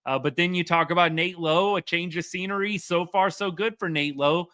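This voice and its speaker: A man, hosting a casual live sports chat as an excitable, rambling fan. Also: sits high, moderate pace, clean tone. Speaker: sports podcast host.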